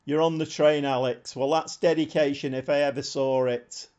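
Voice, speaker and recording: A man streaming a football management game, commenting live on the match and shouting at the screen when it gets exciting. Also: fairly high pitch, moderate pace, clear, resonant tone. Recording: slightly dull lo-fi sound.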